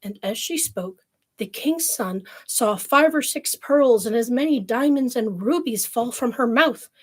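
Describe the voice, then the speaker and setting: A woman's voice: a little high, expressive, a little slow, husky. A woman streamer reading fairy tales aloud, breaking off for wry, snarky commentary. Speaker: storyteller streamer.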